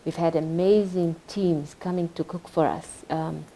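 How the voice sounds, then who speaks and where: A woman, a hospital administrator on a panel, speaking emotionally and haltingly with repeated words. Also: low voice, steady tone, mellow, slight background noise. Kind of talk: panel discussion.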